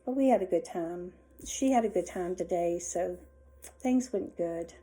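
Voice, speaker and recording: A middle-aged woman tells a long personal story to her viewers from home. Her voice is mellow and warm. She rambles and restarts her sentences often. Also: lowish voice, measured pace, low-quality recording. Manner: rambling, chatty, many restarts and asides. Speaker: vlogger. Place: indoors at home.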